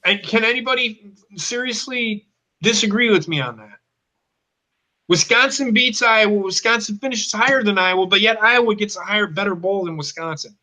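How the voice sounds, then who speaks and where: A man's voice: high-pitched, moderate pace, bright, forceful tone. A man co-hosting a casual football talk show, ranting bluntly and swearing constantly. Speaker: co-host. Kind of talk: profane football rant.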